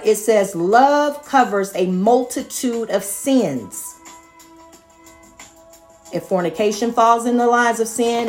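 Middle-aged woman, earnest, repetitive, fairly high voice, faint music behind. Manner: earnest and repetitive, with laughing asides. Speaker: mother sharing her views. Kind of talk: casual monologue to viewers.

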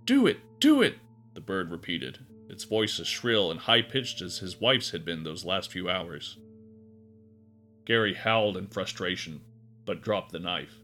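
A man narrating a dark story in a measured, expressive way. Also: sits low. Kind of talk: dramatic audiobook narration.

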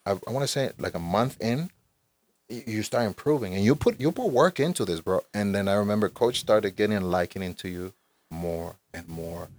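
A man in his forties, a guest in casual conversation, telling stories in an animated, profane way and saying "bro" constantly. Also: on the low side, normal speed. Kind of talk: casual storytelling.

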